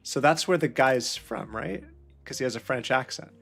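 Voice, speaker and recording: A man's voice: medium pitch, moderate pace, gravelly, fairly bright tone. A man playing a detective puzzle game, thinking aloud and muttering questions to himself as he works through the clues. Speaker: let's play host.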